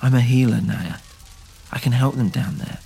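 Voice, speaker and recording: A man's voice: moderate pace, creaky, dark tone, breathy edge. A man voicing an indignant young healer who speaks emphatically in a raised voice in a scripted audio drama. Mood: pleading. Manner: outraged, raised pitch, emphatic.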